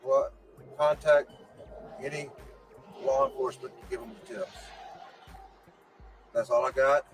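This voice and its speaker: A man's voice: medium pitch, measured pace, gravelly, long pauses, far from the mic, poor audio. Man giving a statement over music. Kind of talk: statement to press.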